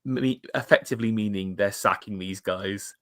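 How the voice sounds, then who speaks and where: A man with a bright, forceful voice chats casually over a video call. He stumbles and repeats his words as he reacts to adverts, laughing often. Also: fairly low pitch, moderate pace. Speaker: podcast co-host.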